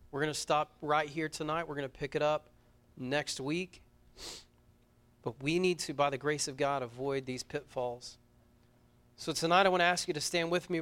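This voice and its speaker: A man delivers a sermon at a church service in a slightly high voice. He speaks with earnest conviction, doubling back on his words. He climbs to loud, urgent peaks, then drops to a hushed, close tone. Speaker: pastor.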